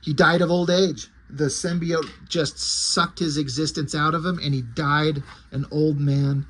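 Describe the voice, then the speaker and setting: Man recapping a comic, slightly high voice. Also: steady tone, measured pace, a bit bright, slight background noise. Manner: rambling and conversational, with asides and fillers. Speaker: comic book reviewer. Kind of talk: casual story recap.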